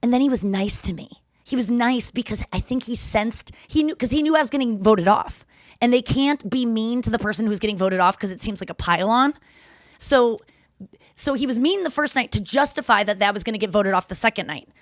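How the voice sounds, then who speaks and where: A woman's voice: on the high side, brisk, no echo, studio quality. A woman in her thirties, a comedian hosting a podcast, chatting casually and mocking people in put-on voices. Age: 30s. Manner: animated, profane, acts out quotes in mocking voices; frequent "like" fillers and restarts. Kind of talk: casual chat.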